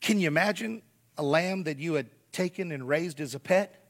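A man's voice: a little high, normal speed. A man preaching a sermon, emphatic, repeating key words and speaking straight to the congregation. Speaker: pastor.

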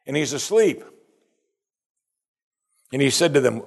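A man preaching a sermon, reading scripture aloud and asking pointed questions, often dropping to a hushed voice on key points. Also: medium pitch, animated, a little slow, creaky, pauses often.

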